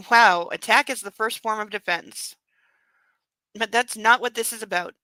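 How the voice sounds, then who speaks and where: A woman with a bright, forceful voice reads a novel aloud and keeps stopping to mock it in exasperated, cussing asides. Her voice sits a bit high and sounds close and dry. No room sound comes through. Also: measured pace, dry recording, rough recording. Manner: exasperated, mocking, swears freely. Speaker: book club host. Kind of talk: reading aloud with sarcastic commentary.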